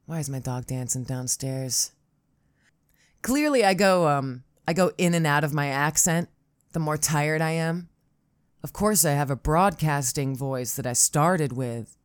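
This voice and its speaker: A low-pitched woman with a Buffalo accent rambles through a solo podcast monologue, swearing freely and sounding wry. Her voice sits deep for a woman. The recording is dry and close, with no room echo. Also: measured pace, long pauses, clear, resonant tone. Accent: Buffalo, New York. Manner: profane, sardonic, rambling. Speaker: podcast host.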